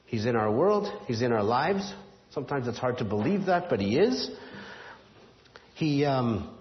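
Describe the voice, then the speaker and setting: A man preaching a sermon, retelling a story in an animated, conversational way. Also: medium pitch, a little slow. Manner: animated, drops to a hushed voice for the whisper. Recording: dull roomy hall sound.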